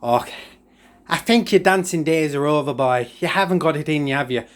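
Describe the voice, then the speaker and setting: A man's voice: on the high side, a little fast, natural voice. A man voicing a nosy, scolding old granny, who nags in tag questions. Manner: nagging, tag questions, mock-stern.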